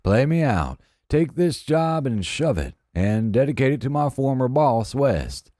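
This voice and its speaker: A man's voice: medium pitch, sing-song, unhurried, dry recording, studio quality, voice pushed up. A man putting on a brash fake Southern drawl. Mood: defiant. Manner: loud, rowdy, spiteful.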